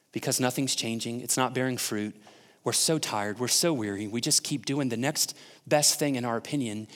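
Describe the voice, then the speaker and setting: A man's voice: medium pitch, in a large hall. A male pastor preaching a sermon in a conversational way, often asking the congregation questions.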